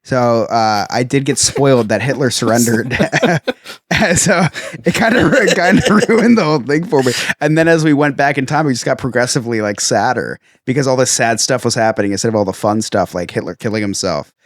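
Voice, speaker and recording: A chatty man in his thirties hosts a relaxed podcast, tripping over his words and restarting sentences. His voice sits at an ordinary middle pitch. The sound is dry and close, with no room around it. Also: a little fast, no room sound. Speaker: podcast host. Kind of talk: casual podcast chat.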